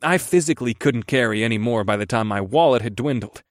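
A man's voice: medium pitch, lively intonation, quick pace, no room sound, clean studio sound. A man narrating a first-person audiobook in an amused storytelling manner.

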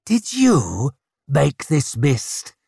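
Brutal warrior chieftain, menacing snarl, lively pitch, read by a male narrator. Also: extremely slow, creaky, husky, no echo, clean studio sound, heavily acted.

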